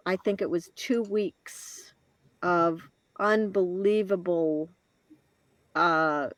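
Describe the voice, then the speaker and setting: This is an elderly woman guest in an interview, telling her own story with a lowish voice and no echo. She pauses, restarts, and laughs softly as she reflects.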